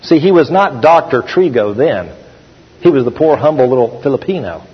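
A man's voice: mid-range voice, very animated, normal speed, breathy edge, long reverb tail, lo-fi sound. A male pastor preaching a sermon in a conversational, storytelling way that often checks in with the congregation.

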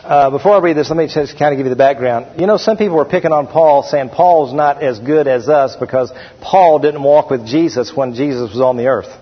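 Husky-voiced preaching pastor in a hall. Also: male voice, medium pitch. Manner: preaching with slowed, emphatic scripture reading. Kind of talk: sermon. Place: church sanctuary. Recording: dull, hall-echoed church recording.

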